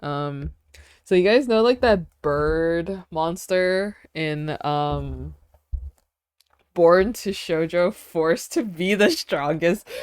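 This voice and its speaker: Young woman rambling chattily, lowish voice. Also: clear, resonant tone, no room sound, clean studio sound. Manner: rambling, filler-heavy storytelling with frequent giggles. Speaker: streamer. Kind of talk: casual chat with stream chat.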